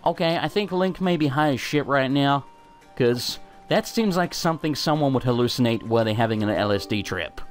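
A young man hosting a let's play, commenting in a sweary, self-mocking, excitable way. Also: medium pitch, moderate pace. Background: faint game music.

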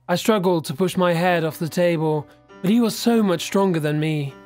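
A man narrating a horror story in a steady, serious storytelling voice. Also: high-pitched, moderate pace. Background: faint background music.

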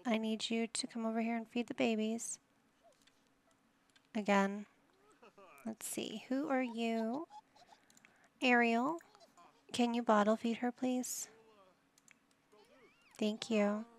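A gaming channel host narrates a life-sim playthrough in casual commentary, bossing her characters around like a patient parent and dropping wry, mildly exasperated asides. Her voice is a little high and steady in tone, and she speaks slowly with frequent pauses.

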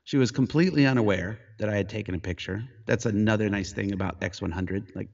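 A middle-aged man, a photographer, telling a story in casual conversation, animated and jumping high in pitch when he quotes himself, heard over a video call. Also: fast talker, creaky, recorded from a distance, dull audio. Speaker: photographer guest.

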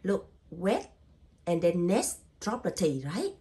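A woman's voice: fairly low pitch, big pitch swings, takes it slowly, mellow. A woman teaching English spelling in a patient way, sounding out letters and syllables one by one and repeating each word, with simple non-native grammar. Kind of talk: spelling lesson.

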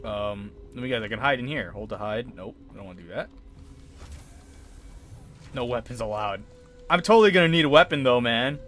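A man's voice: medium pitch, animated, fairly quick, long pauses, fairly bright tone, faint music behind. A man streaming a horror game, panicking, swearing and laughing nervously as he plays. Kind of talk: live game commentary.

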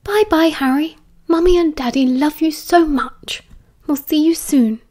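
A woman with a British accent voicing a brisk, warm young mother in an audiobook, with a lightly scolding manner. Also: high-pitched, expressive. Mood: brisk fond.

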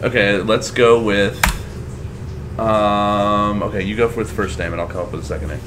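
A man's voice: fairly low pitch, fairly even intonation, normal speed, background noise. A man co-hosting a video game playthrough, bantering and joking in casual chat. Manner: jokey, playful banter. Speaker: let's play co-host.

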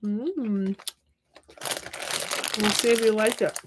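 A woman's voice: mid-range voice, slow, background noise. A woman hosting a casual craft livestream from her home office, chatting and reading out viewer comments. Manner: playful and upbeat. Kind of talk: casual chat while crafting.

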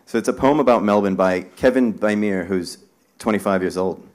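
Low-voiced man moderating a live panel. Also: moderate pace. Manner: relaxed, hesitant with frequent fillers. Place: live talk event in a bar venue.

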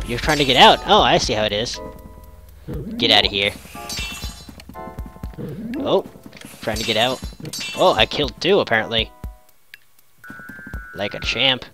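A man narrates his video game play in a loose, rambling way, dropping sarcastic asides. His voice sits at a medium pitch. Game music plays clearly underneath. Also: a little slow, pauses often. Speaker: let's play commentator. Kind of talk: casual gameplay commentary.

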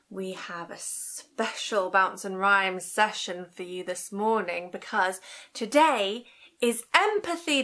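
Lady doing kids rhyme time at the library, slow gentle sing-songy, kinda bright and high. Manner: gentle, sing-song, talks to small children with gasps and whispers. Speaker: children's librarian. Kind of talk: toddler rhyme-time session. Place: library, indoors.

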